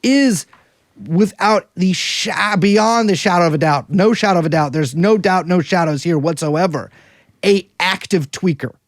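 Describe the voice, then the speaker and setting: A man co-hosts a casual podcast, rambling sardonically through one digression after another. His voice sits high and he speaks a little slowly, captured in a dry, studio-quality recording.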